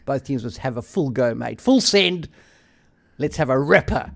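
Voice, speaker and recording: A man's voice: mid-range voice, expressive, normal speed, creaky. A man co-hosting a rugby podcast, chatty and easygoing, often tacking on "mate". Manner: chatty, keeps saying mate. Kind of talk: casual sports chat.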